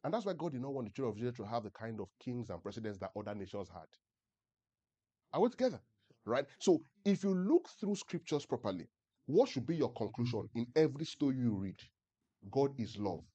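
A man's voice: mid-range voice, lively intonation, fairly quick, warm tone, slightly rough, highs cut off. A man preaching a sermon as a pastor. He keeps checking that the congregation is following him and leads them in reading scripture aloud together. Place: church service with a congregation.

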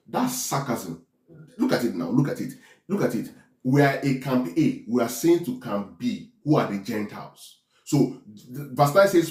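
A man's voice: medium pitch, big pitch swings, normal speed, a little mellow, echoey room. A man preaching a teaching sermon, emphatic and repeating phrases for stress, who keeps asking his listeners to check in with him.

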